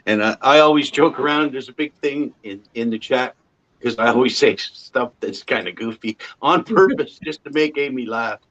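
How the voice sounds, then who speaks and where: A man's voice: medium pitch, normal speed, fairly bright tone, highs cut off, a little hiss or hum. A man with a Canadian accent chatting casually as host of a livestream, a rambling storyteller who chuckles often.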